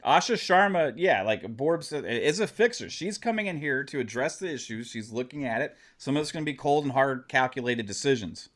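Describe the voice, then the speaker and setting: A man's voice: medium pitch, expressive, brisk, hardly any pauses, fairly bright tone. Fired-up man ranting to his audience. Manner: impassioned, profane ranting; talks straight to the audience. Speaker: gaming channel host. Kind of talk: live-stream commentary.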